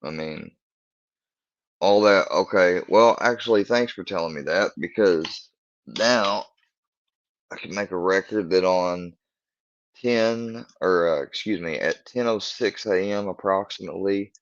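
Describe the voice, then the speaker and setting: Very deep gravelly man, slow and halting. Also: dry recording. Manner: halting, searching for words. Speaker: live streamer. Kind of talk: casual live-stream chat. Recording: dull lo-fi stream audio.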